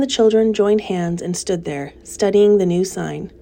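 A woman reading a children's novel aloud in a gentle, steady storytelling manner. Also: mid-range voice, a little slow, creaky. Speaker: narrator.

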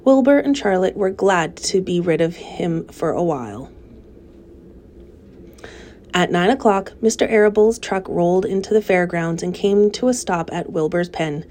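A woman reading a children's novel aloud in a gentle, steady storytelling manner. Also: on the low side, normal speed, slight background noise. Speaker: narrator.

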